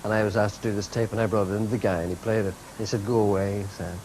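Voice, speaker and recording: A man's voice: on the low side, flat delivery, very fast, a little mellow, slight background noise, rough recording. A man hosting a TV interview, teasing his guest with banter. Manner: teasing, banter-filled questions. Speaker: TV host.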